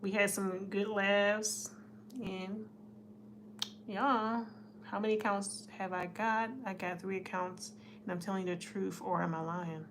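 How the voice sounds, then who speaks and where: Woman livestream host, easygoing and chatty, mid-pitched, faint room hum behind. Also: steady tone, measured pace. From United States. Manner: chatty, laughs often, talks to chat. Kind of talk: casual live chat reading comments.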